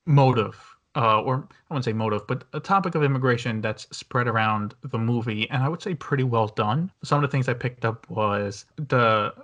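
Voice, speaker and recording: A man's voice: medium pitch, moderate pace, few pauses, a bit bright, highs cut off. A man hosting a casual movie review podcast, talking in a rambling way with many fillers and restarts. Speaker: podcast host.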